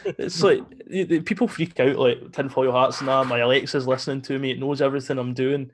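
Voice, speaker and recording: A man's voice: medium pitch, steady tone, brisk. A Scottish man chatting on a live stream, telling stories in a sweary, chuckling way. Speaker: live show co-host. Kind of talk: casual live-stream chat.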